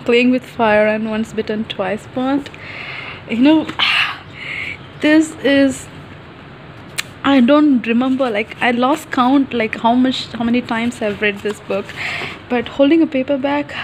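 Young female vlogger, high voice, overwhelmed fan, slow excited delivery. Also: a little hiss or hum, low-quality recording. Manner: gushing, breathless, on the verge of tears. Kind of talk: excited unboxing vlog.

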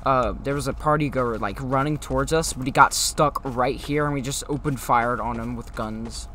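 A man's voice: medium pitch, moderate pace, bright, forceful tone, slight background noise. A man chatting casually during gameplay, guiding his friend and explaining what happens. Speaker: gaming YouTuber.

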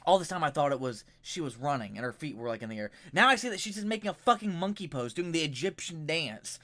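Brief: ranting vlogger, foul-mouthed and fed up, pitch leaping all over, mic a bit distant. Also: big pitch swings, a little fast, a bit bright. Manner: profane, exasperated, rambling. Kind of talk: angry ranting commentary. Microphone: microphone a little way off.

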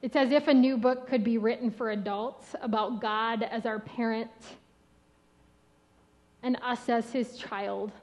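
A woman pastor giving a sermon with a gentle, rhythmic delivery. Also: a little high, steady tone, unhurried. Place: church sanctuary.

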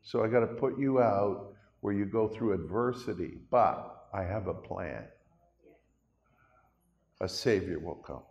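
An older preacher voicing God the Father, speaking gently and sorrowfully to two people he must send away. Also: on the low side, animated, measured pace, pauses often, lo-fi sound, voice pushed down. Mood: gentle regret. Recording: long reverb of a hall.

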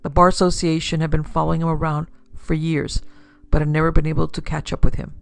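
Gravelly woman narrating a pulp story. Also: deep voice, little pitch movement, quick pace, no echo, faint music behind. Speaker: narrator and producer. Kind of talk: scripted audiobook narration.

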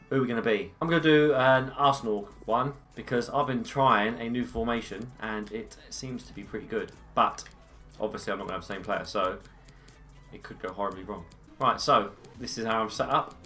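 A young man swearing, laughing and yelling through his own gameplay commentary. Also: mid-range voice. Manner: sweary, yells and laughs at the match. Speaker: gaming video creator.

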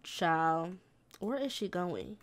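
A woman's voice: lowish voice, lively intonation, slow pace. Chatty woman narrating her gameplay. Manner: chatty, slangy, scolds and coos at her game characters like a mom. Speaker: gaming video creator. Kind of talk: casual gameplay commentary.

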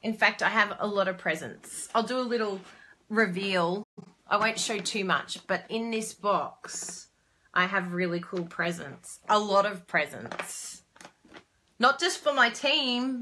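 Bright, chatty woman hosting a live stream, bubbly and quick to exclaim. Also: mid-range voice, a little hiss or hum. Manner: bubbly, chatty, reads viewer comments aloud; frequent laughs and excited exclamations. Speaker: crafting live-stream host. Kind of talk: casual live-stream chat.

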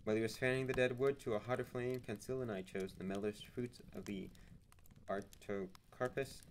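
Brief: male narrator, lowish voice, steady audiobook-style reading, faint hiss behind. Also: low-quality recording. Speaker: streamer reading a novel aloud.

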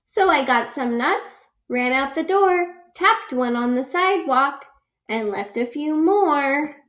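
A woman's voice: sits high, lively intonation, slow pace, muffled recording. A woman reading a children's picture book aloud, patiently explaining facts and adding personal asides. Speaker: read-aloud reader.

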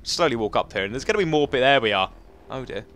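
Excitable gamer, fast and lively. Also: male voice, medium pitch, slight background noise. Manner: chatty, excitable, talks to himself. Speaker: gaming commentator. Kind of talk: let's play commentary.

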